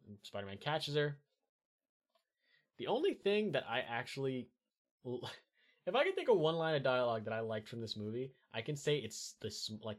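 A man hosting his own podcast, ranting about a movie in a rambling, profane way with lots of fillers. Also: mid-range voice. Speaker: podcast host reviewing a movie. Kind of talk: casual rant.

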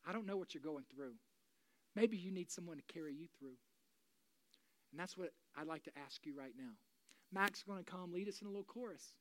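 A pastor in their forties giving a sermon, moving between loud, urgent preaching and quiet, confiding talk. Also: medium pitch, a little fast, long pauses. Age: 40s. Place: church.

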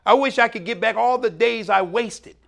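A middle-aged man preaching a sermon as pastor, animated, swinging between loud highs and quiet low murmurs. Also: normal speed, gravelly.

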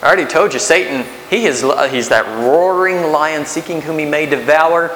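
A man's voice: fairly high pitch, normal speed, fairly bright tone. A man in his thirties preaching a sermon as pastor, conversational, with rhetorical questions and restarts. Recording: echoey hall with faint hiss.

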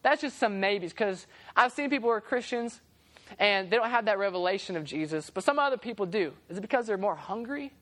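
A woman preacher delivering a sermon in animated storytelling style, acting out characters with humor. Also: medium pitch, fairly quick.

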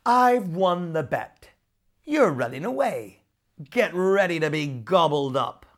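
A woman voicing a grumpy male water demon who shouts and roars, in a storybook reading. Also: deep voice, sing-song, slow pace, full character voice. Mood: gloating. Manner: shouting and roaring.

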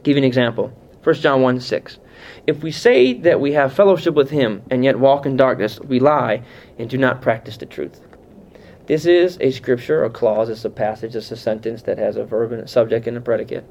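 A man teaching a Bible class in an animated, conversational way, often putting questions to his listeners. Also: medium pitch, brisk, creaky. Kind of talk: teaching sermon. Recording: muffled lo-fi sound.

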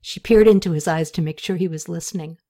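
A woman narrating a historical novel as an audiobook in calm, even storytelling. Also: on the low side, fast talker.

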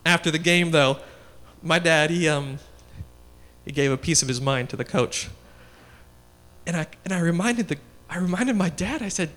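A man's voice: on the high side, normal speed, pauses often, fairly bright tone. A young man giving a casual, story-driven sermon, chatty and laughing as he talks. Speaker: guest speaker.

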